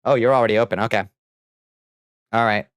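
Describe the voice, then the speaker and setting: A man's voice: on the low side, fairly even intonation, a little fast, a bit bright, clean tone, no echo. A man streaming casually, playful and theatrical as he chats with viewers while mixing ingredients. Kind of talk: casual livestream chat.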